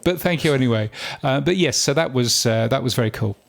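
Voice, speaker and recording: A man's voice: mid-range voice, animated, brisk, vocal fry. A man co-hosting a podcast, talking casually with plenty of ums and uhs. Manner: chatty, many ums and uhs. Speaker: podcast co-host.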